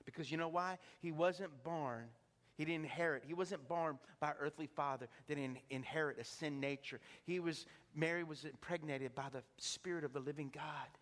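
A pastor preaching an impassioned sermon, swinging from hushed to shouting. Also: male voice, on the high side, moderate pace. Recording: long reverb of a large hall.

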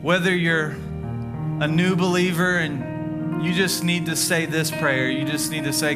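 Pastor preaching over music. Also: male voice, on the high side, little pitch movement. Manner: storytelling preacher, slow deliberate emphasis. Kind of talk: sermon.

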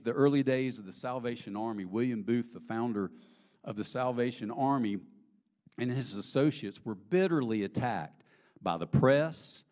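A man with a Southern US accent preaching a sermon, folksy and conversational, swinging from loud emphasis to hushed whispers and asking the crowd questions. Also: mid-range voice. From American South. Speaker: pastor.

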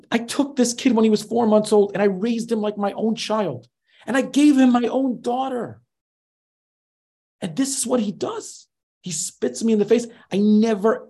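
A man's voice: mid-range voice, darkish tone, close to an everyday voice. A man voicing an older, furious father-in-law who is bitter and wounded, speaking in indignant outbursts. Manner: raised, strained, indignant outbursts.

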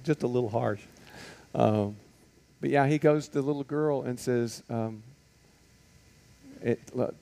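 A man's voice: medium pitch, creaky, warm tone. A man teaching a Bible lesson to a group in a conversational way, asking many rhetorical questions and stopping on fillers.

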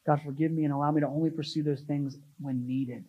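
A young adult male pastor from the United States preaching a sermon, stressing key words with rising emphasis and then dropping low and soft. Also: steady tone, quick pace, slightly rough, muffled recording.

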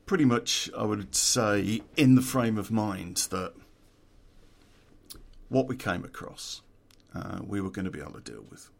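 A man's voice: lowish voice, expressive, unhurried, vocal fry. A man, telling a true-crime story in a casual, profane way and laughing at his own story.

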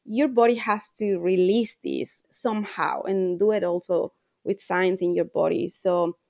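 A woman's voice: on the low side, fairly even intonation, unhurried, gravelly, a little mellow, dry recording, studio quality. A woman coach speaking as a podcast guest, earnest and reflective, repeating phrases for emphasis. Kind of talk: podcast interview.

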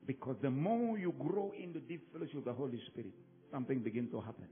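A male pastor, preaching emphatically to his congregation, swinging from loud calls to soft drops. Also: mid-range voice, fast talker. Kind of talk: sermon. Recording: phone-like narrow sound.

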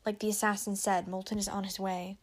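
A woman's voice: mid-range voice, flat delivery, fairly quick, close to an everyday voice. A woman voicing a stern, commanding male ice dragon who snaps orders in a storybook reading. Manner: curt, snapping.

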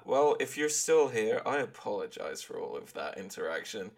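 Gravelly man, dry teasing. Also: fairly low pitch, big pitch swings, moderate pace, darkish tone. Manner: dry, teasing, laughs along. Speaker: podcast co-host. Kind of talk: casual chat.

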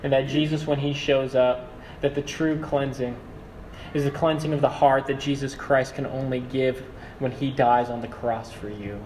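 A young man preaching a sermon as a pastor, animated and acting out quoted voices. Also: mid-range voice, moderate pace, a little hiss or hum. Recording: echoey hall, mic far off.

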